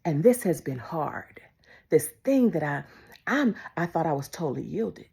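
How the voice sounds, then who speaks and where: A woman preaching a devotional sermon, emphatic and repetitive, moving between loud declarations and hushed whispers. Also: low voice, big pitch swings, measured pace, creaky. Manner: repeats phrases for emphasis.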